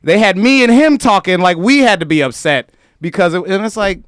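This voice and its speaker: A man's voice: high-pitched, expressive, fairly quick, clean tone, no room sound, studio quality. A man hosting a podcast, chatting casually in a laid-back, slangy way and swearing freely. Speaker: podcast host, comedian.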